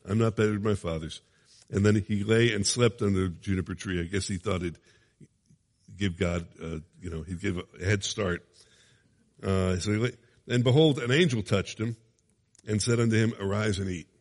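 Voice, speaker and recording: A man's voice: fairly low pitch, steady tone, moderate pace, long reverb tail. A man preaching a sermon, reading scripture dramatically and adding conversational asides with chuckles.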